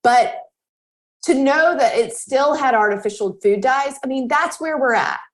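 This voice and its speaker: A woman in her thirties talks as a podcast guest, telling a story from home life in a relaxed, conversational way. She slips into other people's voices as she quotes them, and her pitch jumps high with each one. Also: measured pace. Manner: animated, acts out quoted dialogue with pitch jumps. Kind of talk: casual storytelling in an interview.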